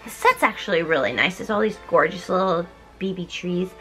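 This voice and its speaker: A young woman, a little drunk, retelling a story in a giggly, animated way and putting on voices for the characters. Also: on the low side, brisk, faint music behind. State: tipsy. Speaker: host. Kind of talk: tipsy comedic retelling.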